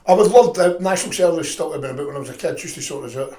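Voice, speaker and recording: A middle-aged man telling stories in a profane, rambling, animated way. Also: fairly high pitch, very fast, reverberant. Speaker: podcast guest. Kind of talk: casual storytelling chat.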